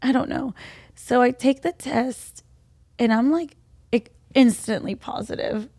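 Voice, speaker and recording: A woman's voice: fairly high pitch, measured pace, a little mellow, no room sound, clean studio sound. A woman in her late twenties, pregnant, telling a personal story in a chatty way with a lot of "like"s as a podcast co-host. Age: 20s. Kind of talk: casual chat.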